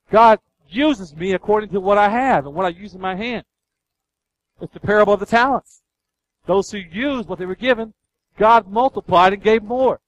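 A man's voice: high-pitched, low-quality recording. A man preaching a sermon with emphasis, repeating key lines and acting out people's excuses. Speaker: pastor.

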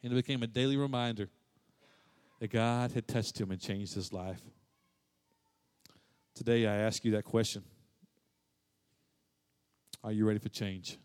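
A man preaching a sermon, rising to loud high peaks and dropping to quiet, low stretches, and repeating phrases for emphasis. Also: fairly even intonation, measured pace, long pauses, clear, resonant tone. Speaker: pastor.

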